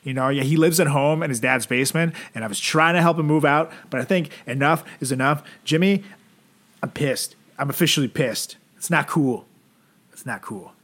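A man's voice: medium pitch, a little fast, fairly bright tone. A man co-hosting a comedy podcast, joking in a mock-pompous way and swearing freely. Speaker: podcast co-host. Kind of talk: comedic casual chat.

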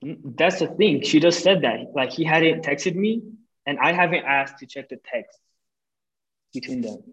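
A young man, a podcast guest, telling a breakup story in casual chat, animated and full of swearing, acting out what people said. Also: fairly high pitch, moderate pace, dull audio, a little hiss or hum. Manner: animated, profane, acts out quoted lines.

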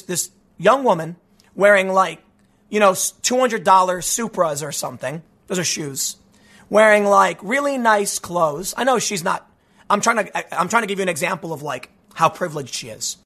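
A man hosting a casual political commentary monologue, animated and ranting, often restarting his sentences. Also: high-pitched.

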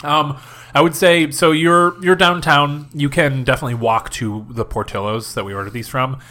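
A man's voice: a little high, moderate pace. A man co-hosting a podcast, joking and laughing in casual chat. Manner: joking, lively, laughs often. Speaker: podcast co-host.

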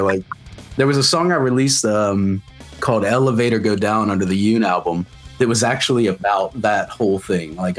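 A man from the South, a musician telling stories in casual chat, rambling and full of fillers. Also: lowish voice. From South Mississippi. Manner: rambling, many "like" fillers, swears freely. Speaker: musician guest.

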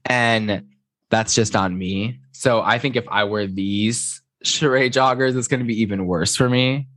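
A man's voice: lowish voice, measured pace, a bit bright, dry recording. A young man co-hosting a podcast, chatting casually and telling candid stories with frequent laughter. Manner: candid, giggly storytelling. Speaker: podcast co-host. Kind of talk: casual chat.

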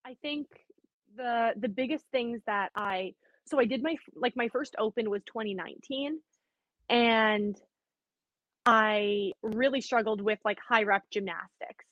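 A woman's voice: a little high, a little slow, dry recording, highs cut off. A young woman from Canada with a light Canadian accent, a guest in casual chat, saying "like" a lot. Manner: casual, heavy use of "like", quotes herself. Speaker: podcast guest, athlete.

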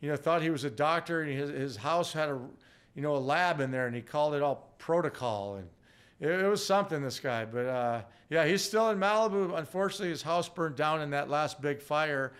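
Former player, male, halting storyteller, smooth and somewhat high. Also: fairly bright tone. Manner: halting, many "you know" fillers. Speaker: podcast guest, former hockey player. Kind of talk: casual anecdote.

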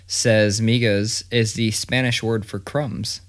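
In casual chat, a man in his thirties tells a story, swearing freely and acting out the quotes with profane, animated energy. His fairly low voice moves at a moderate pace with few pauses.

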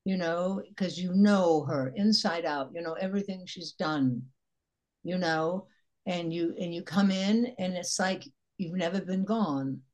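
An older woman actress with a husky voice, telling animated anecdotes as an interview guest. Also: fairly low pitch, unhurried. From Chicago area. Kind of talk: casual interview chat.

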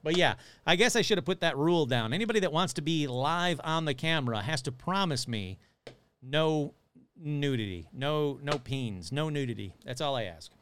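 A man's voice: a little high, lively intonation, normal speed, fairly bright tone, clean tone. A man hosting a casual live stream, chatting loosely, swearing and answering viewers' comments as he reads them. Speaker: livestream host.

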